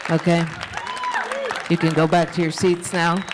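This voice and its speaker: A woman's voice: on the low side, flat delivery, a little slow, background noise. A woman doing stand-up crowd work in a club, brash, profane and teasing with the audience. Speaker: stand-up comedian. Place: comedy club stage. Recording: roomy club sound from a distance. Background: laughing audience.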